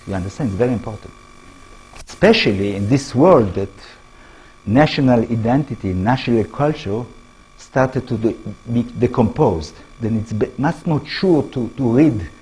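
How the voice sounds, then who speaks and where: A middle-aged man with an Israeli accent giving a public lecture in halting English, restarting phrases and putting questions to the audience. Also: mid-range voice, warm tone, breathy edge, poor audio.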